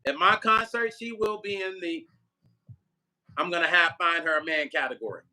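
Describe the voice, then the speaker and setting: An older man who is a musician vlogger speaks on the high side at a moderate pace, with a sharp tone. Live on stream, he chats loosely, joking, reading viewer comments, and talking straight to his chat.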